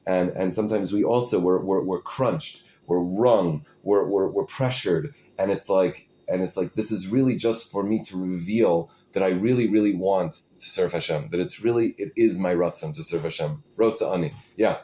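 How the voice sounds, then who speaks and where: A man teaching an informal Torah class, halting and restarting his phrases, peppering his English with Hebrew and Yiddish terms. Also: sits low, warm tone.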